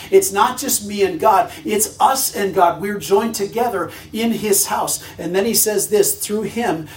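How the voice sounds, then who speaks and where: A man preaching a sermon as pastor, emphatic, repeating phrases for stress and putting questions to the congregation. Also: high-pitched. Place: church sanctuary. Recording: roomy hall sound from a distance.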